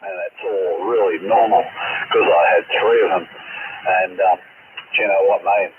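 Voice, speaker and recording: An Australian man speaks in a low voice, earnest and reassuring, peppering his talk with "mate." The sound is thin and tinny, like a CB radio, with faint hiss underneath. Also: steady tone, normal speed. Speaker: CB radio operator. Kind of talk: casual radio chat. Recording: hissy, tinny radio transmission.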